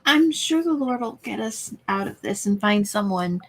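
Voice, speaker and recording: A woman's voice: mid-range voice, animated, normal speed, slight background noise. Thoughtful woman in casual chat.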